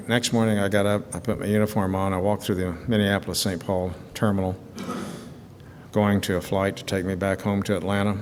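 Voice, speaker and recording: A middle-aged man from Georgia giving an earnest, halting personal testimony at a recovery retreat, repeating words when moved. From Stockbridge, Georgia, USA. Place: retreat hall. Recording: archival hall recording with long reverb and faint rumble.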